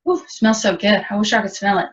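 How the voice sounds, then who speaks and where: A woman's voice: medium pitch, fairly even intonation, fairly quick. Chatty woman demonstrating cooking, distant. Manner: chatty, step-by-step explaining. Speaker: cooking instructor. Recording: dull lo-fi audio from a distance.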